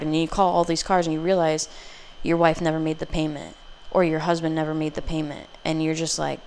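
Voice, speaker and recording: A woman's voice: low-pitched, flat delivery, fairly quick, few pauses, darkish tone, slight background noise. A woman giving a casual pick-a-card tarot reading, blunt, profane and rambling. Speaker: tarot reader.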